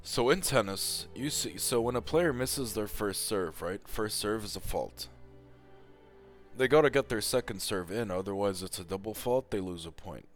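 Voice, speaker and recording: A man's voice: lowish voice, animated, moderate pace, soft background music. A man giving a casual, heated rant with lots of swearing and emphatic repetition, as a tennis commentator.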